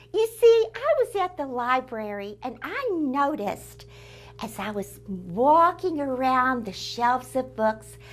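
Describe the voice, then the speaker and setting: A woman hosting a children's book club, telling stories to young listeners in an expressive, sing-song way and sometimes dropping to a whisper. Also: sits high. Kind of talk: storytelling to children.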